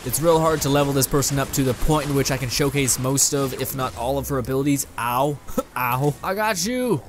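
This is a young Canadian YouTuber speaking briskly at medium pitch while he plays a video game, with background noise present. His casual let's play commentary rambles and is full of laughter, with occasional swearing aimed at the game.

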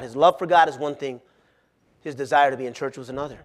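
A male pastor preaching a sermon in a folksy, plain-spoken way, telling animated stories with frequent laughter. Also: medium pitch, fast.

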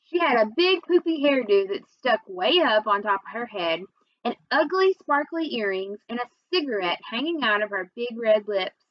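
Woman reader, expressive first-person storytelling, slightly high voice, muffled dry recording. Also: moderate pace, dry recording. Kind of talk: reading a children's novel aloud.

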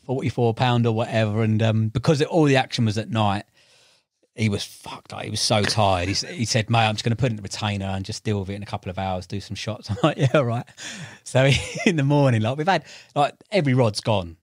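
Animated man telling fishing stories. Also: lowish voice, quick pace, no echo, clean studio sound. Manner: animated, laughs while telling stories, acts out voices. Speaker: podcast guest, tackle shop owner and angler. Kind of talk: casual storytelling chat.

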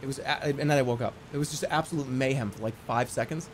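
A man streaming a video game, casually chatting and telling a long, excitable story, swinging from low mumbles to yelps. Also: fast talker, slight background noise. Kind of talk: casual gameplay commentary.

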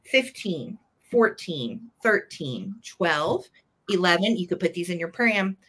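Brief: female live-sale host, bright forward tone, gushy chatter. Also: on the low side, very animated, slow, breathy edge. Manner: chatty and gushing, fond little words. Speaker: host selling vintage items live. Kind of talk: live sale chat, describing items.

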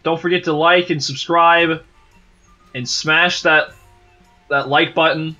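A man's voice: a little high, steady tone, takes it slowly, pushed and bright, highs cut off, soft background music. A man co-playing a video game, bantering brashly and swearing a lot. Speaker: co-player. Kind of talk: casual gameplay chat.

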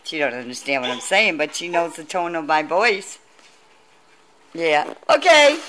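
A woman's voice: sits low, animated, unhurried, a bit bright, slight background noise. A woman filming her dog on a handheld tablet at home by a window, calling to it in a sing-song, coaxing baby-talk voice. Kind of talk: casual home video talking to a dog. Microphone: tablet held in hand.

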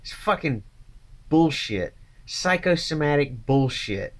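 A man's voice: on the high side, lively intonation, takes it slowly. A man ranting angrily to his channel, contemptuous and swearing constantly. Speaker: channel host. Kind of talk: angry profane rant to camera.

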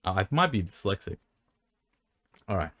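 Deep-voiced yet a bit bright, a man speaks at a moderate pace and is very animated, with no echo. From a room near an air conditioner, he handles viewers' questions on selling cards in rambling, stumbling casual chat, dry-mouthed and hiccuping.

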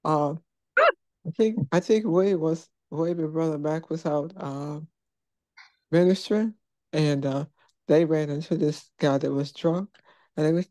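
A church group member sharing a quick testimony in a chatty, casual way, laughing along. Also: medium pitch, darkish tone, no echo.

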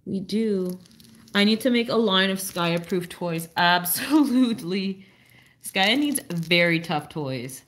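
Woman live streamer, middle pitch, chats to viewers, sing-song baby talk to her dog. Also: animated, slow pace, a bit bright. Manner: baby-talks to her dog, swings up high and playful; answers chat viewers with fillers and restarts. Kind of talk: casual live stream chat.

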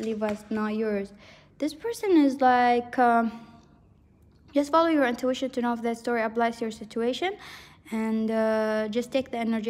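A woman with a fairly high voice leads a pick-a-card tarot reading, rambling and earnest, leaning on fillers and laughing often. Her voice sits in a long, echoey reverb. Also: a little mellow. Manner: rambling, filler-heavy, with frequent "like". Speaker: tarot reader.

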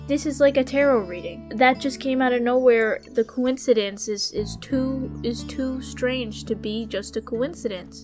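A young woman giving casual commentary on a farm game, dramatic, talking straight to the characters and gasping at finds. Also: medium pitch. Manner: dramatic, talks to the game characters, sudden gasps. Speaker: gamer.

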